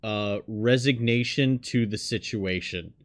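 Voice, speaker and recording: A man's voice: fairly low pitch, takes it slowly. A man playing a tabletop role-playing game who thoughtfully describes his character's actions. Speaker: player.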